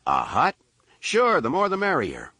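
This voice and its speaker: A man puts on a sardonic, wisecracking starship captain for an audiobook, pitched a notch above his usual deep voice. He tosses off lines with dry humor. The read is close and dry. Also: wildly swooping pitch, measured pace, bright, forceful tone, husky, no room sound, full character voice. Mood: wry. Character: wry male starship captain Han Solo.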